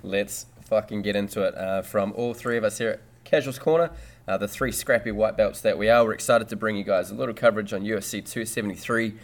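Talking fast with few pauses in a lowish voice, a podcast host chats with his co-hosts. He is boisterous and joking, and he swears freely throughout the casual show.

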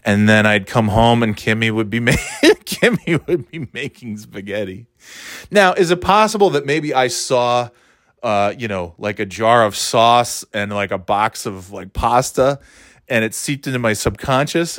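Walking with his phone as a mic, a podcast host delivers a casual solo monologue full of sarcasm and profanity. His medium-pitched voice is a bit bright with lively intonation at a normal speed, and the studio-quality sound has no room echo.

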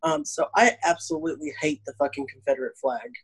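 Quick and high-voiced, with a creaky, breathy edge, this Southern-accented Arkansas comedian spins stories casually and with animation, performing the voices of everyone he quotes.

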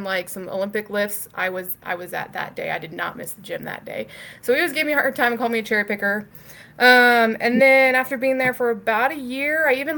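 A woman's voice: medium pitch, a bit bright. Chatty young woman guest, filler-heavy. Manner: swears casually. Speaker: podcast guest. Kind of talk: casual storytelling interview.

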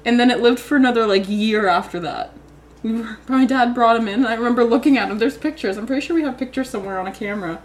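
A woman's voice: a little high, fast. A young woman telling childhood stories in casual chat, rambling and giggling, with lots of "like".

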